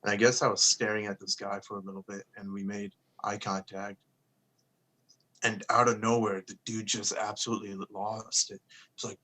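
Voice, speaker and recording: Low, flat-voiced young man telling a story. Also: normal speed. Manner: laid-back, swears casually, quotes people in his stories. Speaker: co-host. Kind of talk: casual storytelling chat.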